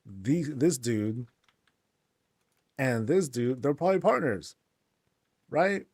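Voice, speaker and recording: A man's voice: mid-range voice, expressive, takes it slowly, darkish tone, slightly rough, no echo. A man hosting a casual game tour, laid-back and joking, with lots of slang. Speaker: game channel host.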